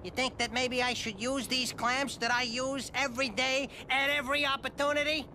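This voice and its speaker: A man squeaking as a shrill cartoon clamp robot. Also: level tone, moderate pace, bright, forceful tone, a little hiss or hum, exaggerated voice. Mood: obsessive. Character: high-pitched male cartoon robot with clamps.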